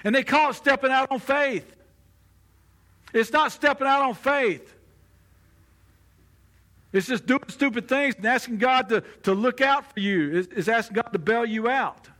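A man's voice: extremely high pitch, measured pace, long pauses, bright, forceful tone. A man preaching a sermon in a conversational way, now and then acting out the voices of the people he quotes. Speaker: pastor.

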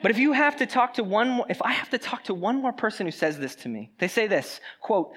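A pastor preaching a sermon in a conversational, animated way, with joking asides to the congregation. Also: medium pitch, brisk, few pauses, breathy edge.

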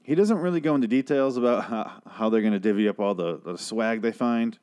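A low-voiced man recapping a TV episode in a loose, rambling way. He swears freely and tosses in sarcastic asides as he goes. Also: brisk, a little mellow, clean tone. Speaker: show recapper.

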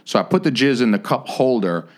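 A man co-hosting a podcast, telling a long story in casual chat, swearing constantly and getting animated. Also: medium pitch, brisk. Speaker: podcast co-host.

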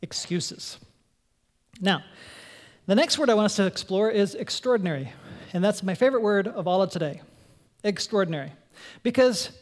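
A woman pastor preaching a conversational sermon, animated, asking her congregation questions and acting out voices. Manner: animated, acts out quoted voices in a higher pitch.

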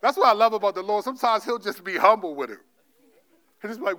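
A male pastor preaching a sermon, telling stories animatedly, playing out God's voice in slangy asides and then dropping into a quieter, gentle exhortation. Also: high voice, animated, fast talker. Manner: drops to a soft, quiet delivery for the exhortation.

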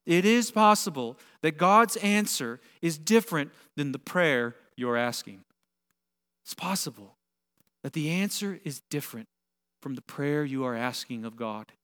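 Animated man preaching in a reverberant hall. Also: a little high, a little slow, smooth. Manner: animated, builds to emphatic peaks. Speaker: pastor. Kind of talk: sermon. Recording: long reverb of a large hall.

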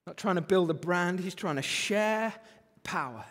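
Male preacher, very high voice, animated delivery, long reverb of a hall. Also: measured pace. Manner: animated, rising and falling emphasis, repeats phrases for effect. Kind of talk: sermon.

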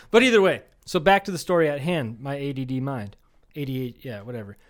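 He is a comedy podcast co-host in his thirties from Iowa, with a mid-range voice moving a little fast. In casual chat he tells meandering, profane stories, swearing often and mimicking the people in them.

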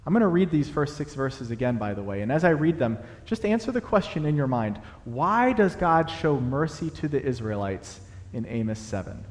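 A young adult man preaching a sermon in a church, animated, building to emphatic peaks as he explains a passage. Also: mid-range voice, normal speed. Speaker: pastor. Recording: long hall reverb.

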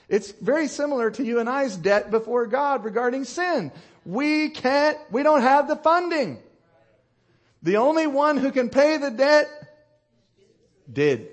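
A middle-aged man preaches in a high, bright-pitched voice. He moves through his sermon with animated emphasis, stopping to ask his listeners questions. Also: measured pace. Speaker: pastor.

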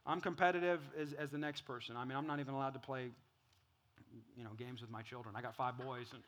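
A middle-aged man preaching a sermon as pastor. He is playful and laughs at his own jokes, and he swings between loud acted-out bits and quiet, earnest talk. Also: mid-range voice, fairly even intonation, fast, background noise.

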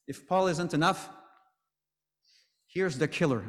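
A man's voice: a little high, lively intonation, a little slow, pauses often, long reverb tail. A man preaching a sermon in a conversational way, with joking asides.

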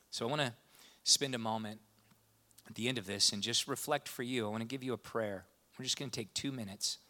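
A man preaching a sermon with impassioned delivery. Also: fairly low pitch. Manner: impassioned, rising to animated retellings. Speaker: pastor.

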